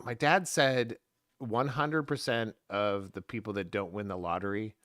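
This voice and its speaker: A man's voice: fairly low pitch, steady tone, a little slow, a bit bright, dry recording. A man co-hosting a podcast, chatting casually and breaking off mid-sentence as he goes. The sound is dry and close, with no room around it. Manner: rambling, self-interrupting. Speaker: podcast co-host. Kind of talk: casual chat.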